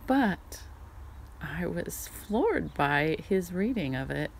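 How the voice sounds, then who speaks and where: A woman recording a casual spoken diary at home, musing softly and often dropping to a whisper. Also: lowish voice, wildly swooping pitch, drawn-out words, vocal fry, long pauses, slight background noise. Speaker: podcast host. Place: home in Northern California.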